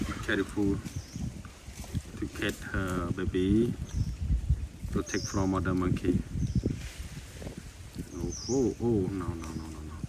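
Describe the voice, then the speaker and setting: A man with filming monkeys outdoors at sunset, chattering in excited, repetitive exclamations. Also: low-pitched. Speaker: wildlife vlogger filming monkeys. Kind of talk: casual live commentary while filming. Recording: distant outdoor camera audio with noise.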